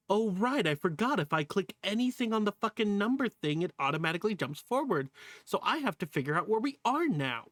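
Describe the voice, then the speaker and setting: A man's voice: sits high, big pitch swings, a little fast, fairly bright tone, no room sound, clean studio sound. A male streamer chatting casually to viewers while reacting to a video, laughing often, swearing freely and exclaiming at what he sees. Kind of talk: casual livestream reaction chat.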